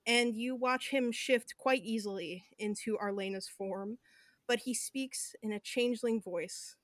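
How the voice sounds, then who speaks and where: A woman's voice: on the high side, measured pace, no echo. Woman narrating a tabletop game, dry. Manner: vivid, descriptive narration with fillers. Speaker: game master.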